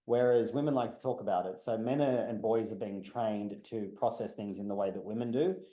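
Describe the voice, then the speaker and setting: A man's voice: lowish voice, brisk, warm tone. A man, talking bluntly and heatedly as a podcast guest, swearing freely. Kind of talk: casual podcast chat. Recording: echoey room.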